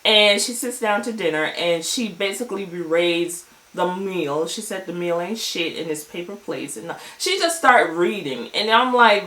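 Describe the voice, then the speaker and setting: A woman recapping a TV episode in a casual vlog, with animated, profane storytelling. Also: mid-range voice, echoey room. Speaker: TV show reviewer.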